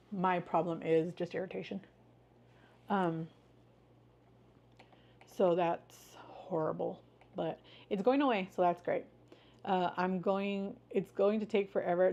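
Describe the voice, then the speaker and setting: A woman talking casually on her live stream, upbeat and encouraging as she greets viewers by name. Her voice sits at an ordinary middle pitch. She sounds friendly and chatty throughout. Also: darkish tone, dull audio. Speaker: livestream host.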